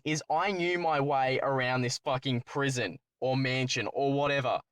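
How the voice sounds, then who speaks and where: A young man, telling a personal story as a channel host in a rambling, excitable way, correcting himself often. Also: on the high side, moderate pace, no room sound. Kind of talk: storytime commentary.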